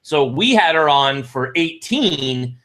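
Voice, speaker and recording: A man's voice: fairly high pitch, lively intonation, takes it slowly, a bit bright. A middle-aged man co-hosting a chat show, talking casually in a rambling way with many restarts. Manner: rambling, restarts and self-corrections. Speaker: podcast co-host.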